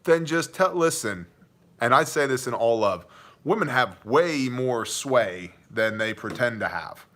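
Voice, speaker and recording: A man's voice: mid-range voice, expressive, a little slow, fairly bright tone. A man hosting a live viewer Q&A, joking and chummy, calling chatters "man" and "brother". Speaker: livestream host answering viewer questions. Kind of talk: casual live Q&A chat.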